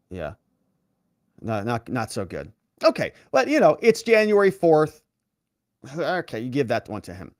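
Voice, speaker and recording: A man's voice: no room sound, studio quality. A man who is an attorney giving casual, sarcastic political commentary and reading articles aloud. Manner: animated and sarcastic, with wide swings in pitch.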